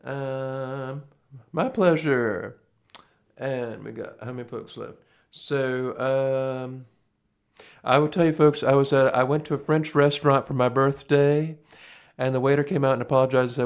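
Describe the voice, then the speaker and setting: A man's voice: medium pitch, fairly even intonation, unhurried, clear, resonant tone. A man, hosting a live stream and chatting casually with viewers in a rambling, folksy way with chuckling asides. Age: 40s.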